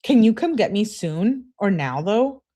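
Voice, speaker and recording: A woman voicing a jealous, demanding young woman in a whiny, high voice. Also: sing-song, a little slow, warm tone.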